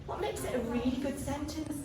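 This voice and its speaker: A woman teaching a class of young children, lively and full of encouraging praise. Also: high voice, brisk. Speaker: primary school teacher. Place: large classroom. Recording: echoey classroom from far off, noisy.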